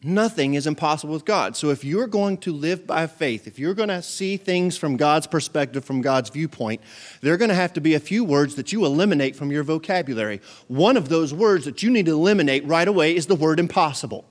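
A man's voice: a little high, animated, fairly quick. A male pastor, preaching a sermon in a church service with call and response and fervent emphasis.

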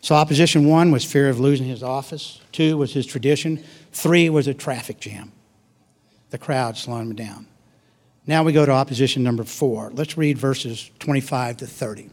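A man preaching a sermon and reading scripture, acting out voices and swinging from loud to soft. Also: medium pitch, normal speed.

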